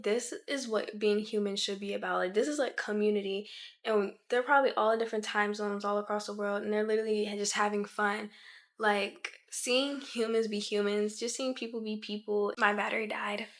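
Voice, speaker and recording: A woman's voice: medium pitch, a bit bright. A twenty-year-old woman from Maryland, chatting through a casual question-and-answer vlog and filling her talk with lots of "like". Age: 20 years old. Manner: chatty, with many filler "like"s. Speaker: YouTuber.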